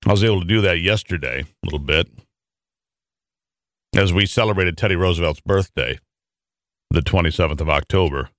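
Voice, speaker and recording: A middle-aged man from Michigan hosts a talk radio show in a rambling, casual monologue. His voice is bright and somewhat low, with a dry studio sound close to the microphone. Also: brisk, pauses often, no echo. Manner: conversational, rambling with fillers.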